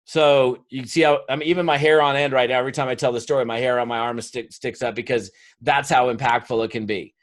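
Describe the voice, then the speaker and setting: A man's voice: medium pitch, fairly even intonation, fast talker. A man speaking live to an audience as a motivational speaker, coaxing them through an exercise and telling stories with acted quotes. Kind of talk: live seminar talk to an audience.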